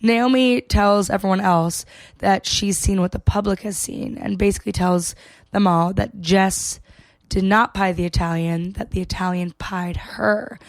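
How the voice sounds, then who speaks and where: A woman's voice: mid-range voice, fairly even intonation, measured pace, dry recording. A woman co-hosting a podcast, casually recapping an episode in a chatty way, swearing freely and laughing between points. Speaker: podcast co-host.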